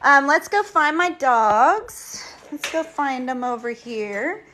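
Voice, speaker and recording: A woman's voice: high-pitched, animated, slow, sharp tone, slight background noise. A woman chatting casually and rambling with her viewers on a live stream from home, with plenty of ums. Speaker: livestreamer talking to her viewers. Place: at home, walking between rooms.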